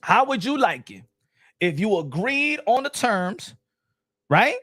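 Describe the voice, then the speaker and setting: A man giving casual boxing commentary, animated, repeating himself and firing off rhetorical questions. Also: high-pitched, takes it slowly, no echo, studio quality. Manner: animated and repetitive, many restarts and rhetorical questions.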